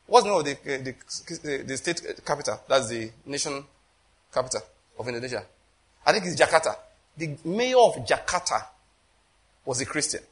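A man preaching a sermon with passion, swinging between loud emphasis and quiet asides, often asking the congregation rhetorical questions. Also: fairly high pitch.

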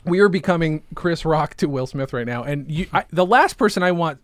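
A young man co-hosting a casual comedy podcast, animated and jokey, slipping into silly voices. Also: on the high side, fairly quick, dry recording. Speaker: podcast co-host.

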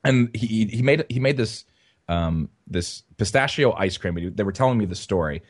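A man with a fairly low voice, talking casually on a podcast. He rambles through a story with lots of "like" and "you know", stopping and restarting as he goes. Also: lively intonation, normal speed. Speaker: podcast co-host. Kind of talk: casual chat.

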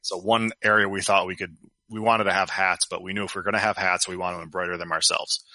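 Male guest, very bright forceful tone, lowish pitch, dry. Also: flat delivery, fast, no echo. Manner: easygoing, self-deprecating. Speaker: podcast guest, gear company owner. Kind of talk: casual chat.

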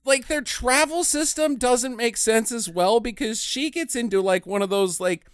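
A woman's voice: on the high side, moderate pace, clear, resonant tone, no echo, studio quality. A woman co-hosting a podcast, riffing on a movie in a casual, profane, jokey way. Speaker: podcast co-host.

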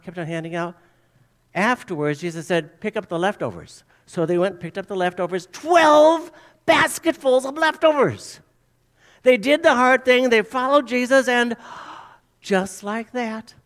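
In a sermon, a pastor whose voice is on the high side and a bit bright tells stories and performs the quoted voices. He also repeats phrases to drive his points home.

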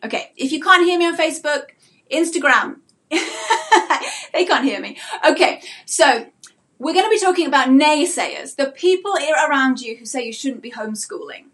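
A woman with a high voice gives an earnest live-streamed talk to homeschooling parents. She asks her listeners many rhetorical questions. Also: lively intonation, normal speed, fairly bright tone. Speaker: homeschooling mentor.

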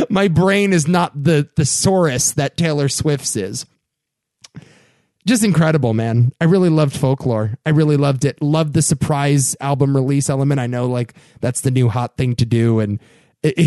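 A young man hosting his own podcast, talking casually and getting worked up into animated rants about pop culture. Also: moderate pace, no room sound, clean studio sound. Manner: animated, ranting, rising pitch when worked up. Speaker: podcast host. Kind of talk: casual solo podcast commentary.

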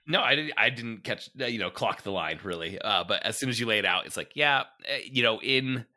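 Deep-voiced man, podcast guest, crisp bright tone, thoughtful, halting. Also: animated. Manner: thoughtful, many fillers and restarts. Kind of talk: casual chat.

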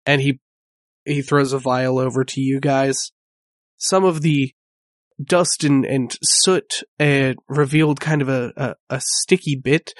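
A man's voice: medium pitch, fairly even intonation, a little slow. A man running a tabletop game, describing scenes in an easygoing, descriptive way. His voice sits in a middle range for a man. The recording is dry, with no room echo. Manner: casual, descriptive storytelling. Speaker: game master.

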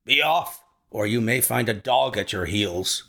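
A man doing a fierce, gruff old trainer. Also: lowish voice, animated, a little slow, heavily acted. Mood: angry. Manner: gruff, loud and dismissive. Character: fierce elderly male horse trainer, bad-tempered. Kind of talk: storybook reading.

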